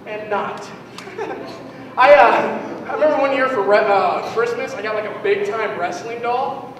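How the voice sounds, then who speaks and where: Young male stand-up, high voice, self-mocking crowd work, distant mic in a reverberant hall. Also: normal speed, slight background noise. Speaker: stand-up comedian. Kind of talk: stand-up set. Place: live comedy venue with an audience. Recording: echoey hall recorded from far off.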